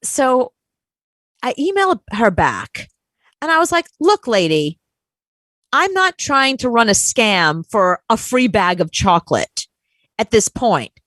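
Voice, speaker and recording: A woman co-hosting a chat show, telling a story in an animated, exasperated way and acting out quotes. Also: fairly high pitch, slow, dry recording. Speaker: podcast co-host.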